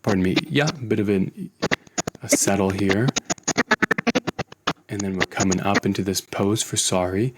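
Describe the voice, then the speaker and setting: Relaxed man teaching animation on screen. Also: on the low side, moderate pace, pauses often, very noisy. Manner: relaxed, thinking aloud while working. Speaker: animation instructor. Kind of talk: screen-recorded software tutorial.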